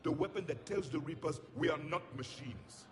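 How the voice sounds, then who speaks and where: An actor playing a proud, scornful ancient alien soldier who speaks in a grave, measured, condescending way. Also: male voice, on the high side, a crowd in the background, natural voice. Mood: rousing.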